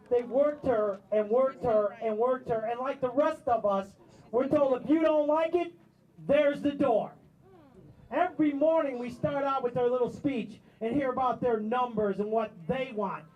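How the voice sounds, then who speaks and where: A man's voice: extremely high pitch, dull audio. A man worker giving a defiant rally speech, answering his own rhetorical questions. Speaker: striking warehouse worker.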